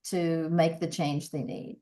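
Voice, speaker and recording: A woman's voice: low voice, flat delivery, takes it slowly, mellow. A woman in her sixties, a voice coach, talking earnestly and reflectively as a podcast guest, often restarting her sentences. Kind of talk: conversational interview.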